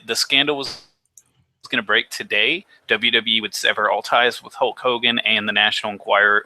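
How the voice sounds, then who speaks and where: A man's voice: fairly low pitch, bright, forceful tone, low-quality recording. A man co-hosting a casual chat show, summarizing news in a matter-of-fact way. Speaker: co-host.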